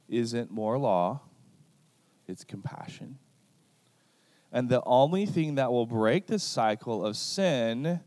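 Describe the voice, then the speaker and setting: A man's voice: medium pitch, darkish tone, no room sound. A man preaching a sermon in a conversational way, often asking his listeners "right?" and acting out short quoted exchanges. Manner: illustrative, acts out quoted exchanges.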